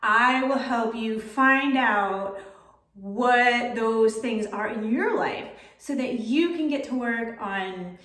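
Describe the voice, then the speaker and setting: Casual female life coach with a slightly high voice, recorded from a distance in a roomy space. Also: slow pace, fairly bright tone. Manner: casual, keeps asking "right?". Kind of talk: storytelling and coaching talk. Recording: roomy echo, distant mic.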